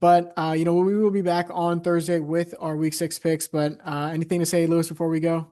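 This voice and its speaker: A man's voice: a little high, flat delivery, a little fast, warm tone. A young man co-hosting a casual sports podcast, talking steadily with many "uh" and "you know" fillers. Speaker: podcast co-host.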